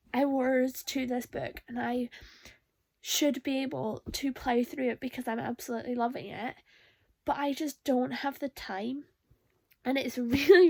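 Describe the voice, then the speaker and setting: A woman's voice: high voice, vocal fry, darkish tone, no echo. A young woman chatting through a reading vlog, reacting with emotional exclamations. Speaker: book vlogger.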